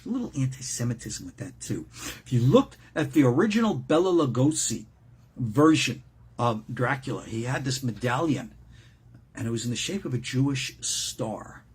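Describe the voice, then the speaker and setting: Older man, husky and animated. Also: medium pitch, normal speed. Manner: playful, jokey, repeats words when excited. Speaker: host. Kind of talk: casual joking talk.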